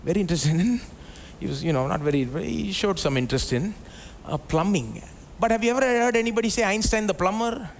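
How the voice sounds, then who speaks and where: A man's voice: sits high, sing-song, fast talker, creaky, slight background noise. A male pastor, giving a live sermon in a conversational way, full of rhetorical questions and asides to the congregation. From India. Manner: conversational preaching, many rhetorical questions and "you know". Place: church service before a congregation.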